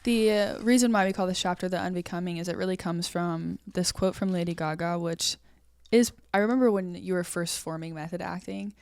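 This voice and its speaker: A woman's voice: fairly low pitch, a little fast, a little mellow, no echo, clean studio sound. A woman co-hosting a podcast, speaking thoughtfully and asking questions with frequent "like"s. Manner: thoughtful, asks questions, uses "like" often. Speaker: podcast co-host. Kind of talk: casual podcast conversation.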